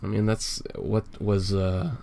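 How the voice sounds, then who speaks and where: Male podcast co-host, deep-ish, giggly, quick to put on silly posh voices, faint background hiss. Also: little pitch movement, vocal fry, warm tone. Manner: laughs often, drops into mock-posh voices. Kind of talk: casual comic chat.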